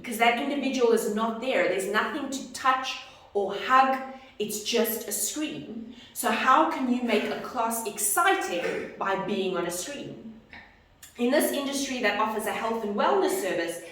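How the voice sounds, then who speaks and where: A woman fitness instructor talks through an online lesson in an expressive, coaching manner. Her voice bounces around a very echoey room. She sits some way from the microphone, so the sound is distant. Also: fairly high pitch. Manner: expressive, acts out greetings to clients.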